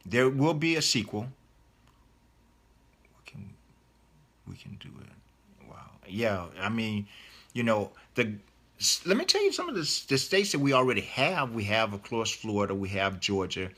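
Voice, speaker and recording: A man's voice: lowish voice, big pitch swings, moderate pace, bright, forceful tone. A middle-aged man, an author, chatting casually in a live Q&A as he reads out viewer questions and answers them with enthusiasm.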